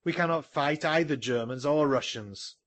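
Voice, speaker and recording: A man's voice: on the high side, normal speed, a bit bright, no room sound. A man voicing a desperate soldier from the front, pleading urgently for peace in a storybook reading.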